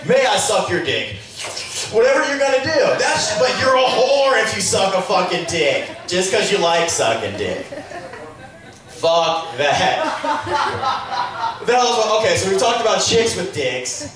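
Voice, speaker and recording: A man's voice: sits high, animated, a little slow, a crowd in the background. A man doing a crude, rambling, profane stand-up comedy set. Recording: echoey room, mic far off.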